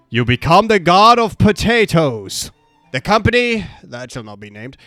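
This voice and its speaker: A man delivers a comedic explainer in a flat, mock-serious tone. His voice sits a little high for a man and sounds close and dry, with no room around it. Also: no room sound. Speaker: comedy video narrator. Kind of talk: deadpan comedic voice-over.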